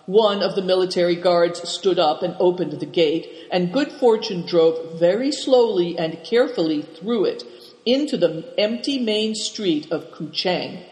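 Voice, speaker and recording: A man narrating an audiobook in a measured, even storytelling manner. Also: high voice. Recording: echoey room with long reverb.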